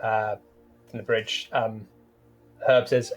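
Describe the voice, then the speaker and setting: A man narrating a tabletop game as its game master. He has a slightly high, lively voice that swings up and down, and he rambles playfully, dropping in sound-effect noises over faint music. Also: moderate pace.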